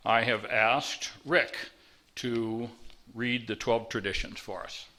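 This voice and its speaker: A man's voice: mid-range voice, fairly even intonation, slow pace, heavy background noise. A man chairing a recovery meeting, making announcements in an easygoing, lightly joking way.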